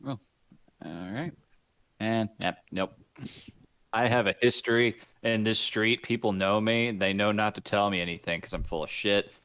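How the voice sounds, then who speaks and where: Low-voiced guy at a tabletop game, wry and jokey. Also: moderate pace, a bit bright, smooth. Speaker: player. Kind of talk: casual tabletop chat.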